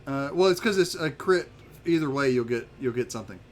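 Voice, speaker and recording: A man narrating a tabletop game as game master, casual and halting with many fillers. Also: mid-range voice, animated.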